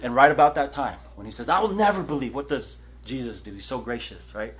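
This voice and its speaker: A man preaching a conversational sermon in a house church, casual and animated, often checking in with his listeners. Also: mid-range voice, fairly quick. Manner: casual, animated, tags lines with "right?", many restarts. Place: house church living room.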